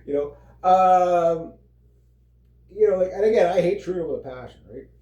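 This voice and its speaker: A man's voice: high voice, lively intonation, normal speed, dark tone, muffled recording. A man ranting casually on his vlog, rambling and swearing, with lots of fillers and frequent laughs. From Canada. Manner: rambling, profane, heavy fillers, laughs often. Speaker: vlogger. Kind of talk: casual political rant. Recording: roomy echo.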